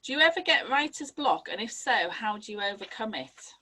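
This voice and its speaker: A woman hosting an author event online, reading out schoolchildren's questions in a brisk, friendly way. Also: fairly high pitch, big pitch swings, pushed and bright, poor audio. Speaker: festival host reading questions.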